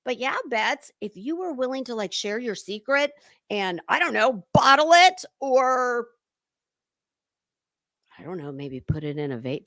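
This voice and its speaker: A woman's voice: on the high side, big pitch swings, a little slow, a bit bright, dry recording. A woman hosting a casual livestream commentary, talking in a sarcastic, mocking way and chatting to viewers. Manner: sarcastic and mocking, with lots of fillers.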